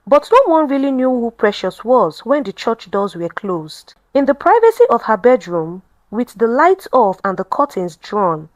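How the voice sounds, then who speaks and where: A woman hosting her own channel, narrating a story in a calm, measured way. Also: on the high side, dry recording.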